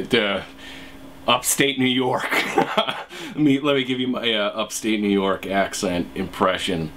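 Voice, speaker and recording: A man's voice: on the low side, fairly bright tone, a little hiss or hum. A man vlogging in a rambling, hesitant casual commentary monologue.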